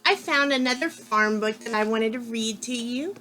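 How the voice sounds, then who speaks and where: A woman's voice: a little high, moderate pace, bright, forceful tone, a little hiss or hum. A woman reading a picture book to young children, asking them questions and making animal sounds in a sing-song way. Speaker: preschool teacher.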